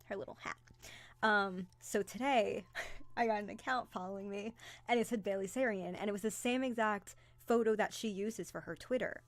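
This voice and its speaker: A young adult woman hosting a casual live stream, chatty and excitable, greeting viewers by name as she talks. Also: medium pitch, normal speed, no echo.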